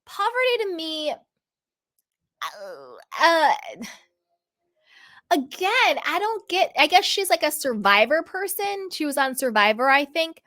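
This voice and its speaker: A woman's voice: high-pitched, slow, pauses often. A woman host giving sassy, casual commentary on a reality show, often acting out what people say. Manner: sassy, animated, mimics people in quotes.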